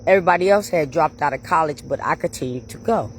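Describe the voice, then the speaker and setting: A woman hosting her own channel, telling stories to her viewers in a casual, animated way, laughing often and calling them y'all. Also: low-pitched, fast talker, a little hiss or hum. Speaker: channel host.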